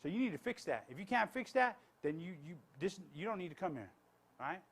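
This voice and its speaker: A man's voice: high voice, very animated, brisk, a bit bright, husky. A man, a pastor, giving a blunt, conversational sermon with many restarts and asides.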